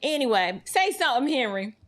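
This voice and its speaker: A woman's voice: high voice, sing-song, a little fast, a crowd in the background. A middle-aged woman hosting a livestream, chatting in a flustered way straight to her viewers. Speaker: livestream host. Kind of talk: casual livestream chat.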